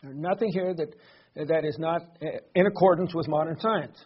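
A man preaching a sermon, teaching earnestly and often pausing with fillers and repeated words. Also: fairly high pitch, breathy edge, lo-fi sound.

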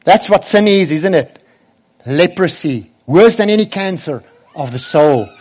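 A man's voice: on the high side, animated, unhurried, a little mellow, husky. A male preacher delivering a sermon in a slightly raised voice. He talks earnestly and stresses his quotes of scripture, stretching them out and lifting them. The delivery stays emphatic and direct.

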